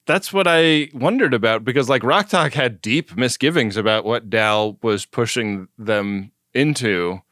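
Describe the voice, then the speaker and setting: A man's voice: medium pitch, a little slow, hardly any pauses, a bit bright, dry recording, studio quality. A man co-hosting a podcast, casually recapping an episode with a laid-back manner, easy laughs and lots of "like" fillers. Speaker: podcast co-host.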